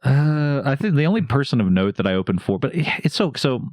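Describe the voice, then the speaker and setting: A man's voice: medium pitch, quick pace, no echo, clean studio sound. A man, a stand-up comedian, telling stories on a casual podcast and acting out the people in them. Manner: animated storyteller who acts out quoted voices.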